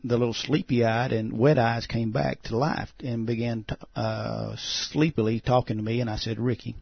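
A pastor telling a testimony as a guest on a talk show, halting and full of "uh" fillers. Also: male voice, mid-range voice, level tone, gravelly, slightly rough, no echo. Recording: dull, muffled sound.

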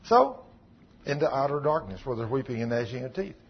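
A man's voice: mid-range voice, sing-song, brisk, lo-fi sound, slight background noise. A man preaching a sermon in a folksy, emphatic way, telling stories and acting out the dialogue. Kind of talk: sermon with storytelling.

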